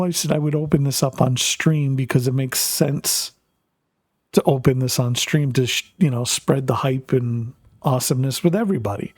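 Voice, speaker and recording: A man's voice: mid-range voice, fairly even intonation, moderate pace, a little mellow, no room sound, studio quality. A middle-aged Canadian man, a streamer, telling a rambling family story with lots of fillers while gaming.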